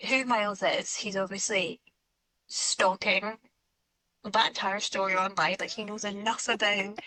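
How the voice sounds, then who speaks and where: A woman's voice: medium pitch, steady tone, unhurried, sharp tone, poor audio. A woman guest on a podcast, chatting casually and rambling with lots of fillers. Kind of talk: casual chat.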